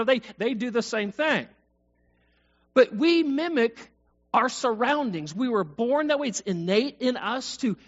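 A man preaching a sermon, talking conversationally and asking the congregation questions. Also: high voice. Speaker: pastor. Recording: dull lo-fi recording.

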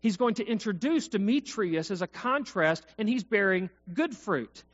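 A man's voice: high-pitched, animated, moderate pace, a bit bright. A man preaching a sermon, talking conversationally and asking the congregation questions. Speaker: pastor. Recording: dull lo-fi recording.

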